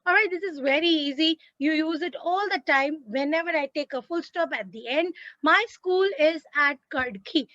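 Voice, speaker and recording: A woman teacher with an Indian English accent, giving an online grammar lesson over a video call, animated and acting out sentences with expression. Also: sits high, brisk, hardly any pauses, no echo, lo-fi sound.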